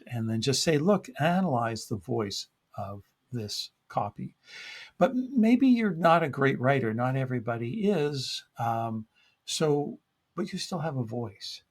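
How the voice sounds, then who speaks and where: Husky man presenting a workshop. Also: medium pitch. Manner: conversational, explaining step by step with fillers.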